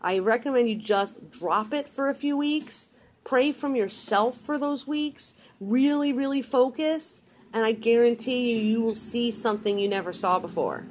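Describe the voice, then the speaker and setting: A woman's voice: medium pitch, slight background noise. A woman giving casual, earnest religious advice in a vlog, repeating herself insistently and rambling with restarts. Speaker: mother.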